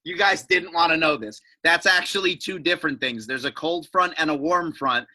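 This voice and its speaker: A man as the guest in a casual interview, animated and self-mocking. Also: on the high side, normal speed. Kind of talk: casual chat.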